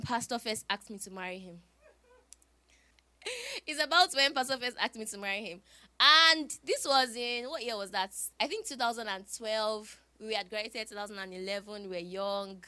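A woman, preaching a sermon through lively storytelling. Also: on the high side, no room sound. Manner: animated storytelling with laughs.

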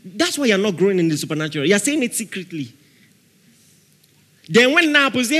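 A man preaching a sermon as pastor, animated, laughing often and shouting out dramatic prayer examples. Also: high voice, brisk. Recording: long reverb of a large hall.

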